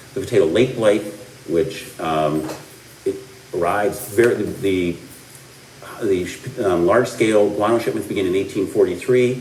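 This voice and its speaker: A middle-aged Midwestern man delivers a history lecture in a low, slightly mellow voice, rambling with fillers, restarts, and dry asides. The classroom recording sounds roomy and distant, as in a lecture hall, with a faint hiss or hum.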